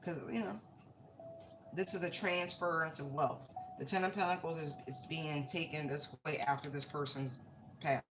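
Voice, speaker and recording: A woman's voice: low voice, fairly even intonation, moderate pace. Blunt, outspoken woman tarot reader. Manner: blunt, outspoken, swears freely. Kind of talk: casual tarot reading monologue. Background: music.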